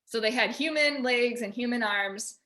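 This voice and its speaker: Bright higher-voiced woman chatting on a video call from home, animated storytelling. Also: normal speed. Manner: animated storyteller, quotes herself and others. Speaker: featured artist guest. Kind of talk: casual video call discussion.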